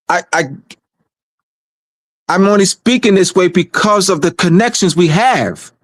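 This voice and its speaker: Unscripted and emphatic, a community organizer runs a meeting over livestream, repeating himself, stumbling, and restarting often. He shifts from low, calm speech to raised shouting, captured as clean studio sound with no room echo.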